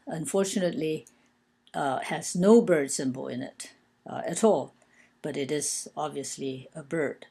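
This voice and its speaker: A woman with a low voice and a gravelly, creaky edge gives a language lesson. She talks slowly, patiently and deliberately. She stops often for filler sounds while she explains characters one at a time. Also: dark tone. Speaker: language teacher.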